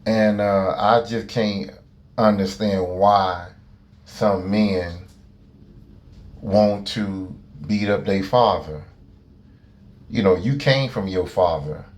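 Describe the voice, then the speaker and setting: Brief: hesitant, preachy male commentator, lower pitch, casual talk to camera. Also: slow pace, long pauses, a little mellow. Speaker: video commentator.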